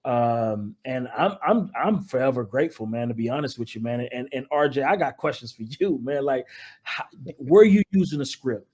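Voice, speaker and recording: A man who is an investor, a guest in a casual interview, with a smooth, cool late-night DJ voice. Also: medium pitch, expressive, normal speed, a little mellow.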